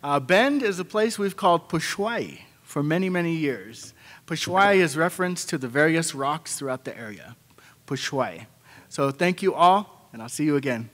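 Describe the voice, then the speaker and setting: Man, storyteller, high voice, unhurried animated telling, long hall reverb. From Pacific Northwest, United States. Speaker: storyteller at a library event. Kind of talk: oral storytelling to a live audience.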